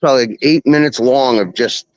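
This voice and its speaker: A man's voice: medium pitch, fairly quick, no echo. A young man casually telling a long story, profane and rambling, laughing now and then. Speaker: podcast host. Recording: dull lo-fi sound.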